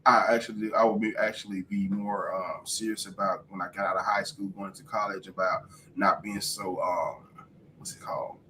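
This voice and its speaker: A man's voice: fairly low pitch, level tone, normal speed, sharp tone, a little hiss or hum. A man who is a parent, speaking as a podcast guest, telling stories with emphasis and repeating phrases for effect. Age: adult parent. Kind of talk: casual interview talk.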